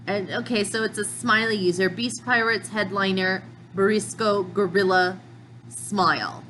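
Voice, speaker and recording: Slow easygoing lady reading manga panels out loud and commenting, bit of faint noise behind. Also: mid-range voice, fairly even intonation, low-quality recording. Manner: measured, thinking aloud between panels. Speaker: manga reaction channel host.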